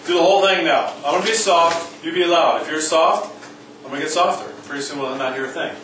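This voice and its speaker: A man's voice: a little high, quick pace, fairly bright tone, recorded from a distance, a little hiss or hum. A man teaching a music class, joking with students and coaxing them to sing rhythms. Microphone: far from the mic. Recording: echoey room recorded from afar.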